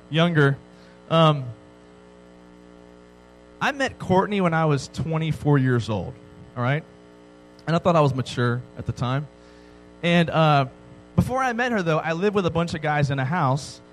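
With poor audio, a man in his thirties whose voice runs a little high gives a sermon as pastor to young listeners, full of jokes, stories and repeated "right?" asides.

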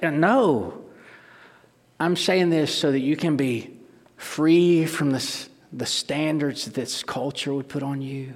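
A man's voice: a little high, a little slow. Middle-aged man preaching in a reverberant hall. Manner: emphatic, with rhetorical questions and restarts. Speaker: pastor. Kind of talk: sermon.

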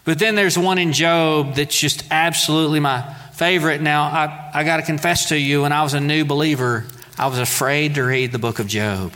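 A man's voice: on the high side, steady tone, moderate pace, few pauses, sharp tone. A man preaching a sermon in a conversational way, with playful asides. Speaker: pastor. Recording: long hall reverb.

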